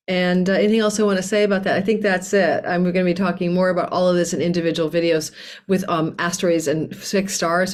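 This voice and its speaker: A woman with a slightly low voice hosts her own astrology channel, delivering a casual forecast monologue in a loose, chatty style. She is candid and expressive and laughs easily, recording at home on a desk mic tucked under a tablecloth.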